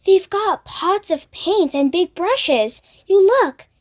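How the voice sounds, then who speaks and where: A woman's voice: very high-pitched, expressive, slow, pitched above the performer's own voice, full character voice. James, a woman doing a brave, eager boy. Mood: hushed.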